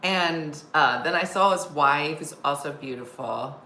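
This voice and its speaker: Hosting a casual live-stream chat, a woman comedian tells stories and reads viewer comments aloud. Her low voice is a little slow with a sharp tone, and the sound is roomy with faint background noise.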